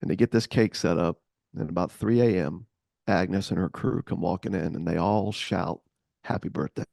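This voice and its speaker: A man co-hosting a podcast, telling a story in a casual, animated way. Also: low voice, moderate pace, creaky, no echo, clean studio sound. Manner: animated, acts out voices. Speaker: podcast co-host.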